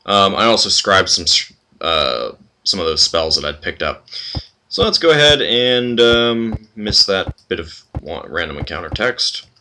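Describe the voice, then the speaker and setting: A man's voice: low voice, sing-song, measured pace, sharp tone, a little hiss or hum. A man hosting a let's play, chatting casually and reading game text aloud with a lot of fillers.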